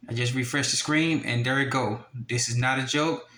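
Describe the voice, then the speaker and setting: A man's voice: mid-range voice, fairly even intonation, moderate pace, bright, forceful tone, echoey room. A man giving casual screen-share commentary, insistent, repeating "all right?" and reading web addresses aloud as he talks into a handheld camera. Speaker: online news commentator. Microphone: handheld camera or phone.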